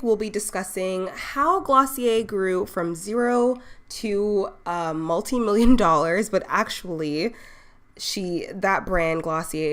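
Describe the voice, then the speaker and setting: A young woman from the Bahamas, an online business owner, hosting a casual live stream and talking her viewers through her plans. She chats easily, keeps checking in with "okay?" and laughs at herself. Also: medium pitch.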